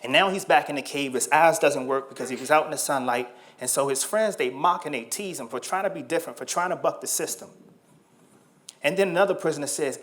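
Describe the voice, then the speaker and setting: A man in his thirties from Washington, D.C., giving a motivational talk as a story, in slow, measured phrases that often drop to a soft, quiet tone. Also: a little high. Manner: measured, slow storytelling with dramatic pauses and soft, dropped lines. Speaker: speaker.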